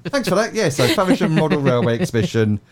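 A man's voice: a little high, sing-song, fast talker. A man co-presenting a radio show, chatting in a rambling way and reading out event details. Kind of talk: casual radio chat.

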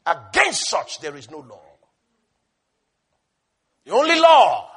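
A man preaching a sermon with fervor, swinging from shouted peaks to hushed asides and laughing as he goes. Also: high-pitched, wildly swooping pitch, takes it slowly, slightly rough.

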